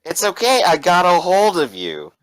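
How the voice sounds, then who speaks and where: A reckless driver taunts in a high, teasing singsong, played by a man narrating a tabletop game. The voice climbs well above its usual pitch and sounds sly and pushy. It is recorded dry and close, with no room echo. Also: wildly swooping pitch, normal speed, fairly bright tone, full character voice. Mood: mocking. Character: reckless male getaway driver, mocking and pushy.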